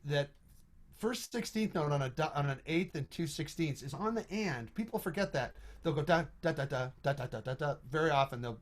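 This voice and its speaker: Man singing rhythms in a trombone lesson. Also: fairly high pitch. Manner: relaxed, thinks aloud, sings rhythms on da syllables. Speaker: trombone teacher. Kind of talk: online music lesson.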